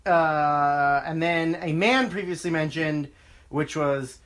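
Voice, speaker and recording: A man co-hosting a casual wrestling podcast, blunt and deadpan, swearing freely. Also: on the high side, slow pace. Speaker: podcast co-host.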